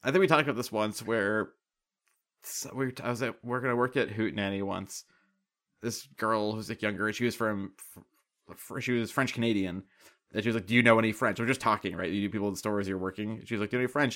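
A man's voice: on the low side, quick pace, a bit bright. A man co-hosting a podcast in casual chat, rambling through stories and laughing often. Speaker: podcast co-host.

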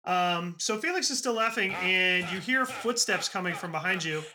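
A man narrating as game master of a tabletop game, halting with frequent ums and uhs. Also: sits high, animated, sharp tone, a little hiss or hum.

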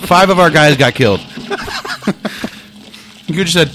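A man's voice: on the high side, normal speed, background noise. A young man casually riffing and joking while commenting on a movie, laughing often. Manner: jokey, laughs often, riffs. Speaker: commentary host.

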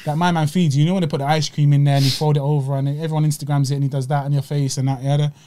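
A man's voice: on the high side, level tone, rapid-fire, mellow. A man, originally from Egypt, hosting a podcast in chatty, slang-heavy casual talk. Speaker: podcast host. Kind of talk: casual chat, food review.

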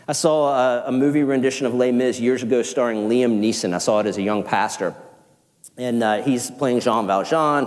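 A man with a Southern accent preaches in a sanctuary at a middling pitch. His talk is animated and conversational, and he pokes fun at himself as he goes. A long reverb trails every phrase. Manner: animated, conversational preaching with self-deprecating asides. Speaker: pastor. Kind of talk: sermon.

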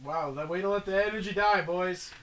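A man's voice: sits high, brisk, fairly bright tone. A man hosting a podcast, teasing his co-hosts in crude casual banter full of swearing. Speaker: podcast host.

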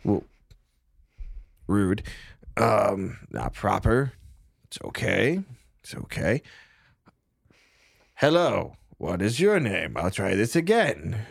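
A man's voice: lowish voice, big pitch swings, slow pace, vocal fry, pauses often, slightly rough, no room sound, clean studio sound, full character voice. A man voicing an overly polite, stranded male medic with a cold who rambles and sniffles. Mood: rambling.

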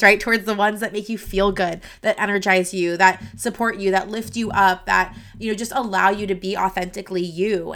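A woman hosting a solo podcast as a career coach, talking unscripted, earnest and rambling, speaking straight to her listeners into a desk microphone. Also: mid-range voice. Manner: earnest, rambling, heartfelt, addresses listeners directly; animated, gestures while talking.

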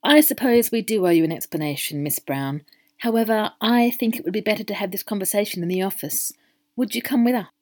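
A woman's voice: mid-range voice, a little fast, darkish tone, no room sound, pitched above the performer's own voice, lightly acted. Woman reading as a curt, grumpy male official. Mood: grudging. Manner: clipped and irritable.

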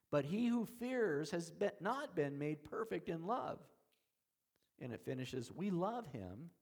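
A man preaching an expository sermon, shifting from soft, slow lines to loud emphatic ones, with folksy, self-deprecating asides. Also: fairly high pitch, husky. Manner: dramatic swings between soft and emphatic, slows on key words. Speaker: pastor.

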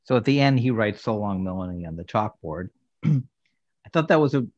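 A man's voice: medium pitch, big pitch swings, normal speed, highs cut off, heavy background noise. A man co-hosting a casual review podcast, recapping scenes in a thoughtful, hesitant way with fillers. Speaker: podcast co-host reviewing a sitcom episode.

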